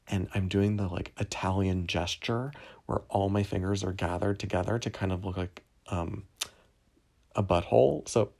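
A man's voice: lowish voice, vocal fry, a little mellow. A young man from New Jersey hosting a podcast, talking in a rambling, digressive, self-deprecating solo monologue. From New Jersey, USA. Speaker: podcast host.

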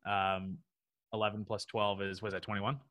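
A man co-hosting a casual podcast, laid-back and working through puzzles out loud. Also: lowish voice, flat delivery, normal speed. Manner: laid-back, thinks aloud. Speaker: podcast co-host.

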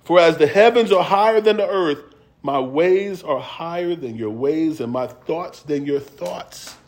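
A middle-aged male preacher with a fairly high voice, delivering a sermon in a folksy, conversational way. He draws out scripture verses slowly, then speeds up into casual family stories and laughs easily as he tells them. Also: darkish tone.

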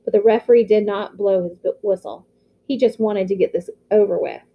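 A woman reading a novel aloud with steady storytelling. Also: medium pitch, a little fast, creaky, lo-fi sound. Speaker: audiobook reader.

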